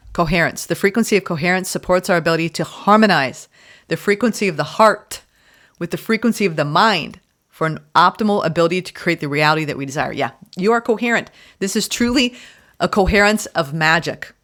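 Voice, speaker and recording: A woman giving a spoken tarot reading, gushing and emphatic, often repeating words and filling pauses. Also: lowish voice, fairly bright tone. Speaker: tarot reader.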